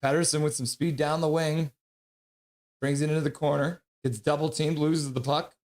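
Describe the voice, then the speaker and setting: A man hosting a live hockey stream, calling play-by-play and reading chat aloud, excitable and prone to chanting and yelling. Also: on the high side, moderate pace.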